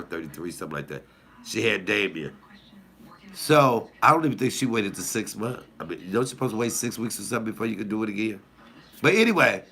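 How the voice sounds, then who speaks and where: Gravelly, bright-voiced man telling stories. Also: sits low. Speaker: comedian storyteller. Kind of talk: casual comic storytelling.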